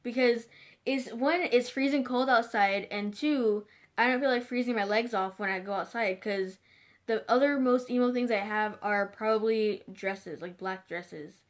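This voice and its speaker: A woman's voice: fairly high pitch, moderate pace. A teenage girl chatting casually to the camera in a rambling way, full of fillers and restarts. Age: teens. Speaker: vlogger.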